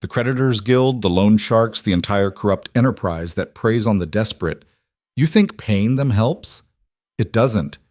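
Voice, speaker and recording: A man's voice: lowish voice, animated, normal speed, a little mellow, dry recording, natural voice. A man voicing a cold, calculating aristocratic father who speaks in a dry, cutting way. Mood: cold, disdainful.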